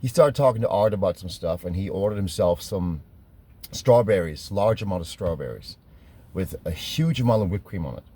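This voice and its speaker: Middle-aged German-accented man, deep mellow voice, casual rambling storyteller who corrects himself often. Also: lively intonation, moderate pace, slightly rough. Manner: rambling, self-correcting, laughs at his own stories. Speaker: fitness trainer telling stories.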